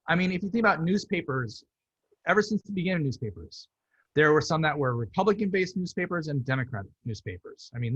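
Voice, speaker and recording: A man's voice: on the high side, slightly rough, no room sound. A man, an artist, talking about his work in a virtual talk, telling stories and acting out what relatives said. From United States. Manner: animated storytelling, acts out quoted relatives. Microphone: computer mic on video call. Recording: dry, dull lo-fi video call audio.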